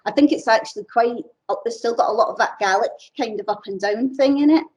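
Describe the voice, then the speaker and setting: Woman host, a touch higher-pitched, casual halting conversational delivery. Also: a little mellow, poor audio. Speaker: library interviewer.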